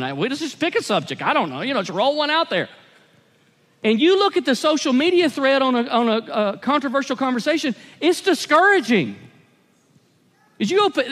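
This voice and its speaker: A man's voice: very high voice, a bit bright, long reverb tail. A man preaching a sermon as pastor, conversational and emphatic, with repeated phrases.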